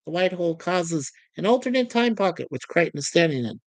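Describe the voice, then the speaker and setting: A woman's voice: lowish voice, big pitch swings, fairly quick, hardly any pauses, no room sound. A woman reviewing a sitcom in a casual recap, narrating the scenes between the quotes. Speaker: show reviewer.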